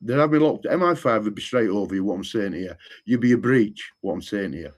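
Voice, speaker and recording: A man's voice: on the low side, lively intonation, fast talker. A man, rambling in casual chat and often repeating the same stock phrase. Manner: rambling, repeats "what I'm saying to you".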